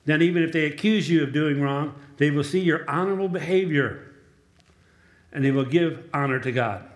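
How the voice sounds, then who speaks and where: A male pastor and chaplain delivers a church sermon with conversational storytelling, prompting the congregation for amens. His voice is a little high, his pace moderate, and the recording sounds roomy.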